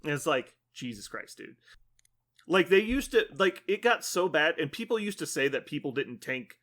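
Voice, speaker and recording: A man's voice: a little high, lively intonation, normal speed, fairly bright tone. A man co-hosting a podcast, ranting casually with lots of swearing and acted-out quotes. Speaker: podcast co-host.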